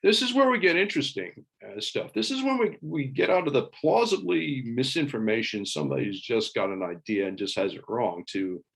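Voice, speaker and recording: A man giving an online talk with slides, in a wry and halting way, with many fillers and restarts. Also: medium pitch, animated, vocal fry, fairly bright tone, husky. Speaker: invited speaker.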